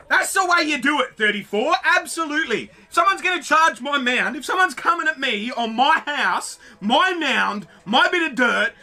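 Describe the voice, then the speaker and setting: Guy, reaction host: high, sharp, excitable, swears a lot. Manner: excitable, swears freely, talks to the screen. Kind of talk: casual reaction commentary.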